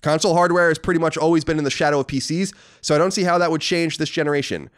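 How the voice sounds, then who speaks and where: A man's voice: on the high side, racing, smooth. A man in his thirties co-hosting a casual podcast, sarcastic and playfully mocking as he reads listener mail. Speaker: podcast co-host.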